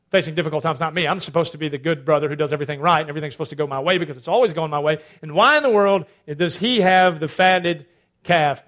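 A male pastor with a voice on the high side preaches a sermon, swinging between loud, emphatic lines and hushed asides.

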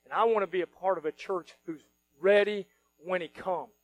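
A male pastor preaching a sermon, switching between quiet earnest stretches and loud mocking outbursts. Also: high voice, normal speed, faint music behind, rough recording. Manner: animated, mocking voices of worried people, rising to shouts.

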